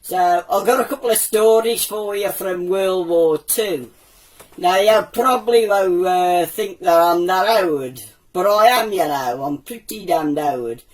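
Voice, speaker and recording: A man's voice: sits high, unhurried, distant mic, rough recording. A man voicing an old male womble puppet who tells cheeky wartime jokes in a Black Country accent. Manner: cheeky joke-teller, does voices for his characters. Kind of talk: comic puppet storytelling.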